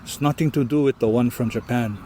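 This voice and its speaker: A man's voice: medium pitch, a little fast, warm tone, a little hiss or hum, close to an everyday voice. A man doing an earnest older local woman. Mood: insistent. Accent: Hawaiian. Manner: earnest, pidgin-flavored speech. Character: older local woman telling her ghost tale.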